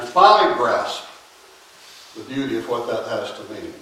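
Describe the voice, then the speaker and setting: A man preaching a sermon in a church, emphatic and unhurried, pausing long and often dropping to a quiet voice. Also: medium pitch, slight background noise. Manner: emphatic, with long pauses and sudden drops to a quiet voice. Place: church sanctuary. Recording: very echoey church, mic at a distance.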